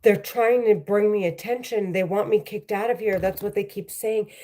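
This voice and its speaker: Halting woman vlogging at home. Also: medium pitch, steady tone, dark tone. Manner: halting, repetitive, restarts often. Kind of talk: talking to camera at home. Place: her home.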